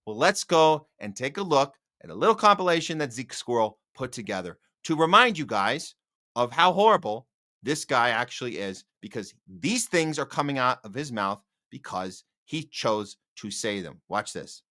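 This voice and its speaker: A man's voice: medium pitch, very animated, normal speed, pushed and bright. A man hosting a political podcast, reacting sarcastically and indignantly to the clips he plays. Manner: sarcastic, indignant, talking back to played clips. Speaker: podcast host. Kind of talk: political commentary.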